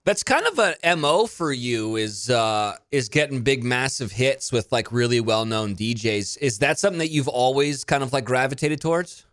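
A man hosting a casual interview, joking and chatty and quick to laugh. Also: mid-range voice, animated, a bit bright, no room sound, studio quality. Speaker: host.

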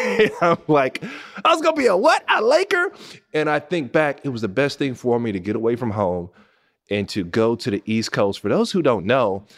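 Animated male storyteller, swings loud and soft. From Pasadena, California. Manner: animated storyteller, voice jumps up when excited and drops low when moved. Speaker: podcast host and former NBA player. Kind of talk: personal storytelling to listeners.

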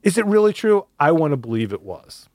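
A man co-hosting a casual talk show, telling a story in a lively, fairly high voice. He acts out other people's lines as he goes. The sound is close and dry, with no room echo. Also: a little fast. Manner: animated storytelling, acts out quotes with raised pitch. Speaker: podcast co-host. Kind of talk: casual chat.

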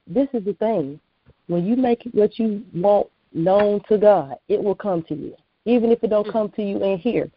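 A woman's voice: medium pitch, moderate pace, breathy edge, no room sound. An American woman, a guest author and minister, giving earnest personal testimony on a call-in show. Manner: earnest, preacherly, plainspoken. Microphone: phone. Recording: dull dry phone line.

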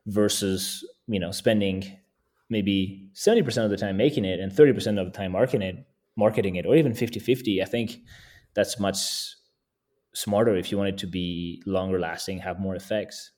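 This is a man with a fairly low voice, chatting as a podcast guest. He talks in a casual, easygoing way and often chuckles between thoughts. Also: brisk, darkish tone. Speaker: guest landscape photographer.

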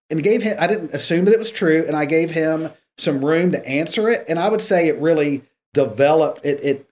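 A man who is a guest on a podcast, telling stories casually and acting out the dialogue. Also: fairly high pitch. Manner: animated storyteller acting out dialogue. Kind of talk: casual interview storytelling.

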